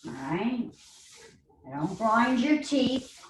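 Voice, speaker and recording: A woman with a New York accent leading a guided chair yoga class online, giving slow, soothing cues with playful asides. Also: a little high, lively intonation. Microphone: online video call. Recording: roomy, distant mic, faint noise.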